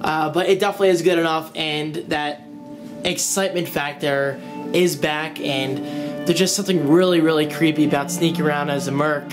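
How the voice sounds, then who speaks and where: A man's voice: on the high side, steady tone, fairly quick. A young man chatting casually in a home vlog, joking around and talking to his dogs as he moves from room to room. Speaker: vlogger. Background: music playing from his phone.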